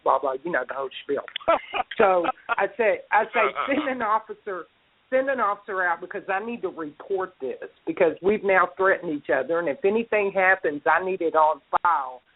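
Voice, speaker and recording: A woman's voice: on the low side, expressive, brisk. A woman telling a story in a casual, blunt and heavily profane way. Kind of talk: casual storytelling on a podcast call. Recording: tinny phone-line sound.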